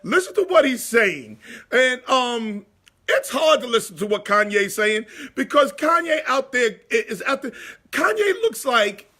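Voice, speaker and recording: A middle-aged man hosting a live sports talk show, chatting casually and giving shout-outs to viewers. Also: sits high.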